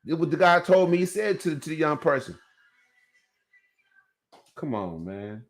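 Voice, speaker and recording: A man's voice: fairly high pitch, very animated, a little slow, faint music behind. Man telling a rambling story. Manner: rambling, slangy, talks straight to viewers. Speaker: podcast host. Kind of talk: casual storytelling monologue.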